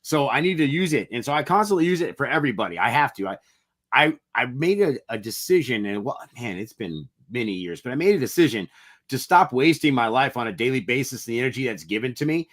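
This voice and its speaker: A man's voice: medium pitch, expressive, quick pace. A man co-hosting a podcast, talking in an earnest, reflective way with some mild swearing in a casual motivational chat. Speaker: podcast co-host.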